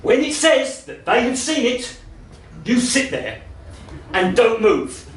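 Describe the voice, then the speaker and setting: A stand-up comedian in his thirties, swearing freely and shouting out punchlines. His voice sits very high for a man. The recording has a roomy live-venue sound, with the voice a little distant from the mic. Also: sing-song, slow pace. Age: 30s. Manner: brash, profane, bursts into shouting. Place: comedy venue in front of a laughing audience.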